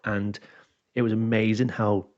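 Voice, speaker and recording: A man's voice: fairly low pitch, measured pace. A man, a dungeon master and podcast co-host, chatting casually and animatedly acting out what his players said. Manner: animated storyteller who acts out what players said. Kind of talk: casual chat, telling a game story. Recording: dull lo-fi recording.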